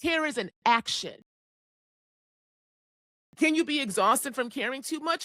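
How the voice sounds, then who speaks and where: Her voice is high and fairly bright, and she speaks a little slowly, with no room sound. In her forties, she preaches an astrology forecast with fierce passion and plenty of swearing, occasionally seeming near tears.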